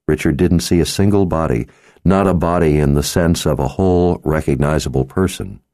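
A man narrating an audiobook in a measured, dramatic reading voice. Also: sits low, dark tone, dry recording. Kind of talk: scripted narration.

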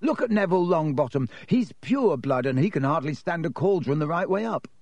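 A man voicing a sick young schoolboy who speaks hoarsely and weakly. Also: a little high, lively intonation, fairly quick, darkish tone, no room sound, voice pushed up. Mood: queasy.

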